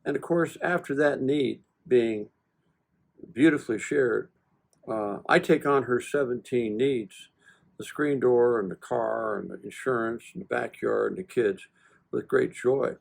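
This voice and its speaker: A man's voice: mid-range voice, measured pace, gravelly. A man in his seventies, a veteran guest, telling a long personal story in a casual interview and acting out both sides of the conversation with self-deprecating humor. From United States. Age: 70s. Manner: animated, folksy, acts out both sides of conversations.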